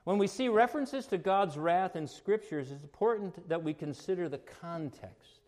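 A man preaching a sermon, emphatic, shifting between quiet explanation and raised, forceful exclamations. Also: high-pitched, animated, moderate pace. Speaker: pastor.

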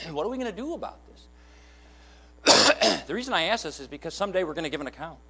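Male pastor, high pitched and animated, preaching emphatically in church. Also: quick pace, vocal fry, slightly rough. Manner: emphatic, rhetorical questions to the congregation. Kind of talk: sermon. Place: church sanctuary.

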